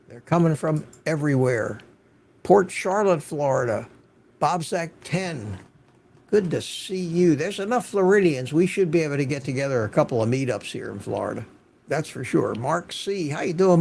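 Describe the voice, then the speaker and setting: A man's voice: a little high, creaky, a little mellow. Chatty older man hosting a livestream. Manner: chatty, greets viewers by name; repeats words when stressing a point. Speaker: host. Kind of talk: casual livestream chat.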